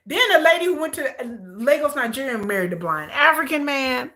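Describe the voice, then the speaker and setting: Bright-voiced American woman ranting. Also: high voice, expressive, brisk, few pauses. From United States. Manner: outspoken, incredulous ranting with mocking mimicry. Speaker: live-stream host reacting to a reality show. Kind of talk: casual livestream commentary.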